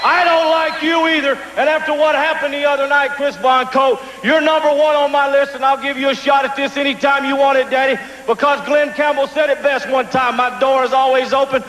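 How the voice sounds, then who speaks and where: Brash wrestler man shouting in an echoey hall. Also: very high voice, steady tone, fairly quick, hardly any pauses, a little hiss or hum. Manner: defiant, brash. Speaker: pro wrestler, champion.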